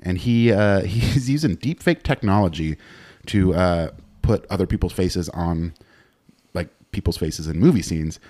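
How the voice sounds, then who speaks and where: A young man hosting a podcast with a very low voice. He talks in a laid-back, loose way and drops casual swears. His delivery is easy and unhurried. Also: warm tone. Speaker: podcast host.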